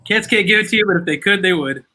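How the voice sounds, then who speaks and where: A man's voice: high-pitched, rapid-fire, pushed and bright, low-quality recording. A man hosting a casual chat over drinks, laughing often and making fun of himself. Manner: laughs often, self-mocking.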